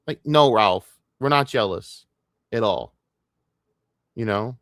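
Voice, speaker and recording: A man's voice: lowish voice, expressive, slow pace, a bit bright, dry recording. Rambling, profane male streamer, dry sound. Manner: rambling, profane, trails off and laughs to himself. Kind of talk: casual solo livestream rant.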